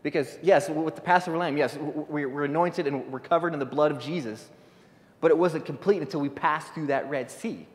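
In a hall with long reverb, a man gives a casual guest sermon in a voice on the high side, speaking fairly quickly. He talks without a script, full of stumbles, repeats and false starts.

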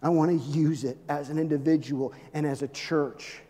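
A man preaching a sermon to his church, swinging between loud, urgent peaks and soft, low asides. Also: fairly even intonation, normal speed. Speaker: pastor. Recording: long reverb of a large hall.

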